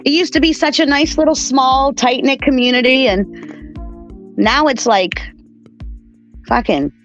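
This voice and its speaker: A woman's voice: sits high, unhurried, lo-fi sound, faint music behind. Rambling, profane woman telling stories. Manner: rambling, profane storytelling with many "like"s. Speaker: podcast guest. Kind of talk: casual chat.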